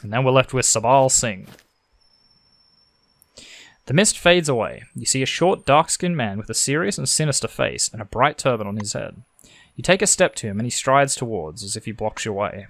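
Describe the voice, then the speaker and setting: A man's voice: mid-range voice, lively intonation, normal speed, gravelly, fairly bright tone, dry recording. An Australian man reading a story game's text aloud and making sarcastic jokes between lines. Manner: sarcastic, joking. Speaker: game streamer.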